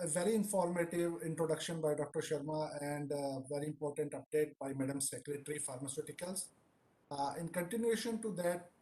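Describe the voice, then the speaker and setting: A man giving a formal plenary talk over a video call, speaking deliberately. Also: a little high, warm tone, reverberant, poor audio.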